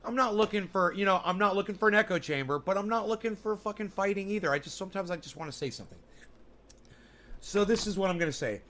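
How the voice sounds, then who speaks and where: Man, casual vlog monologue, rambling, swears, slightly high voice. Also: fast talker, fairly bright tone. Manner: loose, profane, chatty, addresses viewers directly. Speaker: vlogger. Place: home in the mountains.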